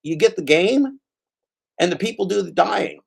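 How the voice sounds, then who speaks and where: A man's voice: sits high, lively intonation, normal speed, gravelly, husky. A man hosting his own channel, delivering a heated, profane rant and calling out a commenter by name. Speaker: channel host. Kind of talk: angry spoken rant.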